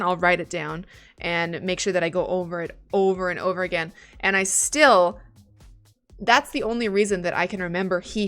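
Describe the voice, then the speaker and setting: A woman's voice: mid-range voice, fairly bright tone. A woman streaming live as she studies German, chatting casually and thinking aloud, swearing now and then when she gets stuck.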